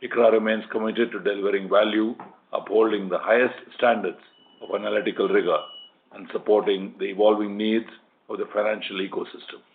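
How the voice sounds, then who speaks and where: A man's voice: lowish voice, fairly even intonation. A man, a company executive, reading formal prepared closing remarks on an earnings call. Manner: formal, measured, scripted. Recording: phone-line conference call audio.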